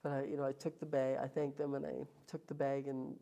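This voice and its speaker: Low, mellow-voiced woman telling her story. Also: little pitch movement, brisk, vocal fry, slight background noise. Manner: emotional, vivid retelling with acted quotes. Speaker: guest. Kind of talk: storytelling interview.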